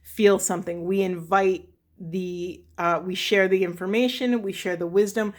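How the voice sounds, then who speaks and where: A woman's voice: lowish voice, steady tone, a little slow. A woman talking through a spiritual tarot reading for her viewers, emotional and often correcting herself as she goes. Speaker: tarot reader.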